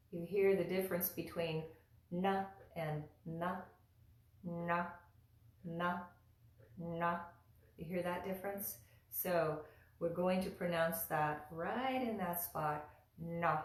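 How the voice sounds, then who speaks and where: A woman teaching mantra pronunciation slowly and patiently, chanting and repeating each sound for the listener to copy. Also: lowish voice, reverberant. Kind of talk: slow, patient instruction with chanting.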